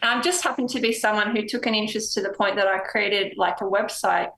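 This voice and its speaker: A woman's voice: mid-range voice, brisk, vocal fry. Chatty woman guest in a roomy space. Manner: animated, laughs often, jumps between stories. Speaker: numerologist guest. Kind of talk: casual podcast chat.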